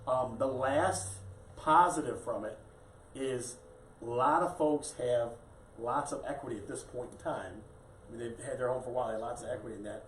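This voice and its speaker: A man co-hosting a live real estate chat, casual and jokey, often breaking in with quick agreement. He sits back from the mic in a roomy, echoing space with a faint hiss behind him. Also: medium pitch, recorded from a distance. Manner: chatty, jokey, lots of "yeah" and "right". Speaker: real estate show co-host.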